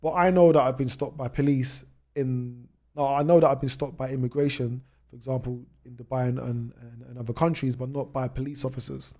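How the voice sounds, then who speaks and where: A young British man in his twenties speaks as a guest on a podcast, telling travel stories at a rapid clip. His voice is dark and mellow, and he often breaks off and restarts his sentences as he goes. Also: mid-range voice, steady tone. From United Kingdom. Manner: rapid anecdotes with many restarts. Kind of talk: storytelling in a podcast interview.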